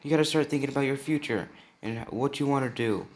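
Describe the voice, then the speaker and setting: A man voicing a brisk woman schoolteacher lecturing her class in a spoken fan story. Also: mid-range voice, pitched above the performer's own voice, lightly acted.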